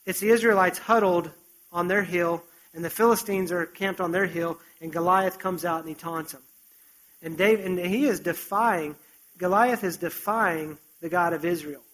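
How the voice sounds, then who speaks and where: A man preaching a sermon, retelling a story with animated, conversational asides. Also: sits high, moderate pace, poor audio.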